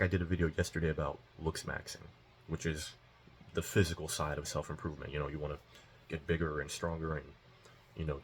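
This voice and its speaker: Very deep-voiced young man telling a story. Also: slight background noise. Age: young adult. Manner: rambling and profane, full of fillers. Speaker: self-improvement vlogger. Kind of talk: casual storytelling monologue.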